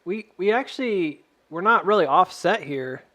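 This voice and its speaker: A man's voice: high voice, animated, normal speed, pushed and bright. A man doing a casual charting stream, joking and rambling as he thinks aloud. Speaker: stock chart analyst.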